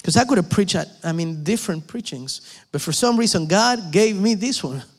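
A man preaching a sermon, emphatic and pleading, dropping at times to hushed whispers. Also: sits high, expressive, normal speed, big-room sound.

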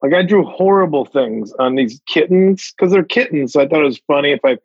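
A man's voice: fairly high pitch, fairly quick, breathy edge, dry recording, muffled recording. A man who is a comedian, joking about himself as a podcast guest in casual chat. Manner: self-mocking, animated, drawled asides.

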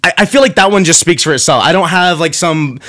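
A man's voice: fairly high pitch, fast, bright, forceful tone. A young man hosting a solo comedic rant, rambling with sarcasm and restarts, acting out the people he quotes. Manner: frequent restarts and fillers, building exasperation. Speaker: podcast host.

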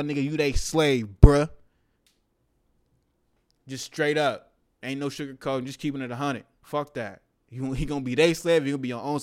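Young male podcast host, raised pitch and a clean, resonant tone; loose, slang-heavy, animated solo rant. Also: smooth. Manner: slangy, profane, animated rants. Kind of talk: casual monologue.

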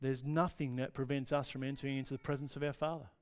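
A male pastor preaching a sermon with passion, dropping to soft pauses for emphasis. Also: medium pitch, flat delivery, clean tone. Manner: impassioned, with dramatic pauses and drops to near-whisper.

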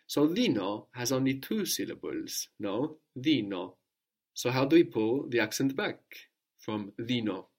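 A man with a middle-pitched voice leads a spoken language lesson. He prompts his student step by step and repeats each answer back slowly and clearly, with patient encouragement. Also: sing-song. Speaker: language teacher.

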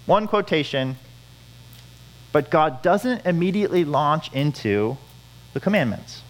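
A man's voice: a little high, lively intonation, unhurried, low-quality recording. A man preaching a sermon, earnest, repeating key phrases for emphasis. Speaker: pastor.

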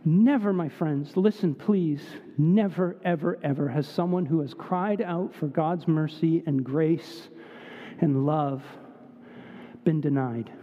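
A man preaching a sermon as a pastor, impassioned, dropping to hushed tones and rising again. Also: on the high side, takes it slowly. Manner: impassioned, swinging between hushed and raised. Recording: dull sound with long reverb.

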